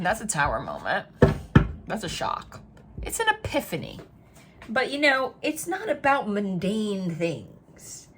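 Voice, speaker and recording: A woman's voice: medium pitch, wildly swooping pitch, unhurried, noisy background. A woman giving a tarot reading to her viewers, chatty and emphatic, repeating phrases again and again. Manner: chatty and spontaneous, talks straight to the viewer. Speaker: tarot reader.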